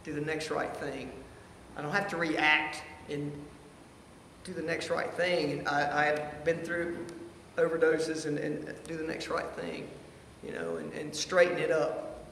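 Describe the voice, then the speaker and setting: A middle-aged man giving a personal testimony at a church recovery meeting. He speaks earnestly and haltingly, and he often repeats phrases. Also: fairly high pitch, level tone, fairly bright tone, a little hiss or hum. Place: church hall. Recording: echoey hall with faint ambience.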